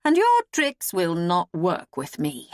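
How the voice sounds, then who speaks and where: A woman reading an audiobook, voicing a scheming, half-mad noblewoman with sharp, heated outbursts. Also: on the low side, huge pitch swings, takes it slowly, no room sound, studio quality, full character voice. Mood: raging.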